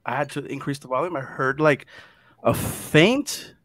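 Animated man telling a spooky story. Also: medium pitch, unhurried, dry recording. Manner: animated, drops to hushed tones at scary parts. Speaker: guest storyteller. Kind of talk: casual chat, telling a ghost story.

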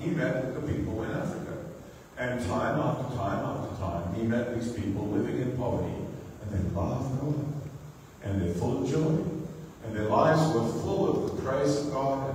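A man's voice: mid-range voice, darkish tone, a little hiss or hum. A man preaching a sermon as pastor, talking conversationally and putting questions to the congregation. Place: church. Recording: echoey church hall, mic far off.

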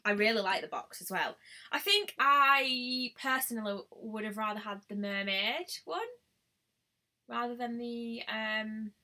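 A woman's voice: a little high, measured pace, pushed and bright. A woman chatting bubbly on a live stream, greeting viewers by name, recorded on a webcam at home. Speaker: beauty vlogger. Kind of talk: live-stream casual chat.

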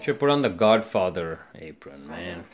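A man's voice: low-pitched, big pitch swings, normal speed, highs cut off, slight background noise. Teasing man bossing around a kitchen. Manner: teasing, bossy, playful. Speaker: home cook vlogger. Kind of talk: casual kitchen banter. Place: home kitchen.

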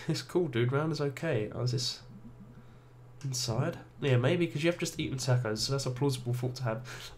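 A man's voice: medium pitch, normal speed, slight background noise. A young man chatting casually as he plays a game and laughs at himself. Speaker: let's play host. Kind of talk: casual gameplay commentary. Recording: game music behind.

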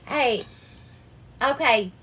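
A woman hosting a live cooking stream, warmly greeting viewers by name and calling them darling and sweetheart. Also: a little high, animated, very slow, husky. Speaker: cooking livestream host.

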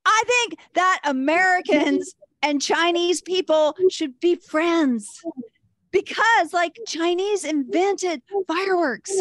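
An older woman from Texas, doing a stand-up comedy set, lively and self-deprecating. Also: very high-pitched, takes it slowly, dry recording, clean studio sound. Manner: lively, self-deprecating, puts on voices for quoted people.

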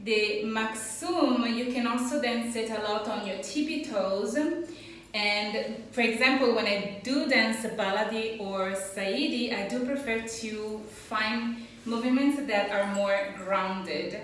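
Dance teacher, woman, unhurried and careful, distant mic with faint room noise. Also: on the high side, fairly bright tone. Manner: slow, patient counting of rhythm and steps. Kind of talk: dance class instruction. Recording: echoey room, voice from far off.

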